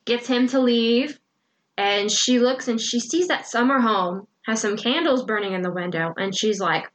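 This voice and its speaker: A woman's voice: on the high side, normal speed, poor audio. A young woman co-hosting a book podcast, retelling the story in casual chat and acting out the characters' lines. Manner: animated storytelling with acted quotes and laughter.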